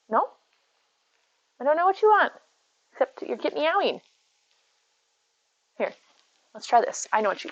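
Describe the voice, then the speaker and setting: A woman's voice: high-pitched, sing-song, moderate pace, pauses often, highs cut off. A woman streaming from home, chatting casually, greeting viewers by name and talking to her cat. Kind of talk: casual live-stream chat. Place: at home near her bed.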